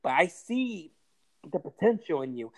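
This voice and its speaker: A man's voice: fairly high pitch, big pitch swings, a little slow, a little mellow. A man on a podcast giving a blunt, heavily profane pep talk in casual chat. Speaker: podcast guest giving advice.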